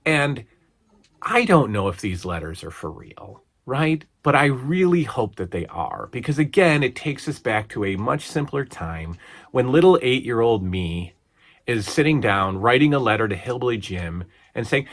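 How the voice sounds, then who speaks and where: A man's voice: mid-range voice, animated, moderate pace, fairly bright tone. A man in his forties casually reviewing an old wrestling broadcast, rambling and chatty with lots of fillers and restarts. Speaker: podcast host reviewing old wrestling shows.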